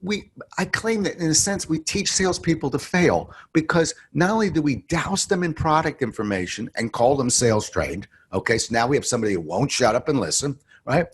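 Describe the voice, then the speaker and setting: Man, sales trainer guest on an interview show; husky, animated storyteller who hits words hard. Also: a little fast, hardly any pauses. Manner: animated storyteller, emphatic, swings from low asides to loud stresses. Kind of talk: podcast interview answer.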